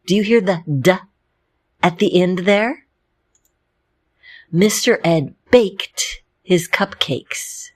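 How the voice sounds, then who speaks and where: A woman teaching a phonics lesson, speaking slowly and clearly and sounding out letters one by one. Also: on the low side, animated.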